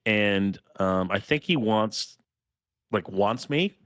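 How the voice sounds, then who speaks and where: A man co-hosting a podcast, telling a story in a rambling, halting way with many fillers. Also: lowish voice, animated, fairly bright tone, no room sound, studio quality. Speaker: podcast co-host. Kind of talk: casual storytelling.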